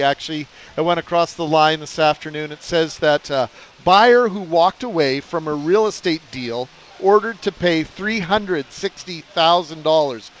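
A man's voice: on the high side, a little hiss or hum. A man hosting a live radio show, handling segues and reading a news item, on a covered outdoor patio. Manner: smooth segue-driven host patter. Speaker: radio host. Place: outdoor patio under a roof.

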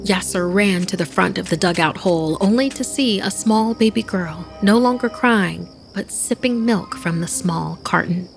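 A woman reads a creepy tale as a podcast host, her voice sitting low with a gravelly, fried edge. She keeps it hushed and slips into whispers. A music bed runs underneath. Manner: hushed, often dropping to a whisper. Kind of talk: scripted spooky narration.

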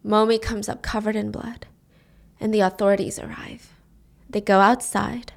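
A young woman host telling the story of a drama in an animated, casual way, sometimes speeding up and sometimes slowing for the sad parts. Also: mid-range voice, gravelly. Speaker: podcast host recapping a drama.

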